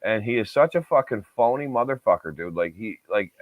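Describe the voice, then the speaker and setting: A man's voice: on the low side, animated, fairly quick, no echo, phone-quality sound. A man co-hosting a podcast, ranting heatedly and swearing a lot in casual chat. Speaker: podcast co-host.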